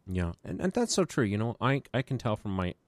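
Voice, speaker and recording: A small-business owner chats on a casual podcast in a lowish voice with big pitch swings, talking briskly with no room sound. He rambles through stories with self-deprecating humor.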